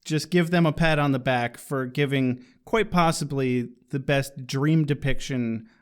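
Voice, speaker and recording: Brief: male podcast co-host, mid pitch, animated and quick to laugh. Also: clean tone. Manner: animated, laughs often, acts out quotes. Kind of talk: casual chat.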